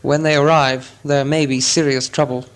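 A man voicing a fussy, polite hobbit gentleman who talks in a prim, businesslike way with a squeaky voice. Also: flat delivery, moderate pace, natural voice.

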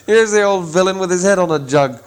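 A man voicing a band of merry, jeering young male elves in a storybook reading, pitching his voice up high. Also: brisk, clear, resonant tone, lightly acted, poor audio. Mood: mocking. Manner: high, mocking, boisterous.

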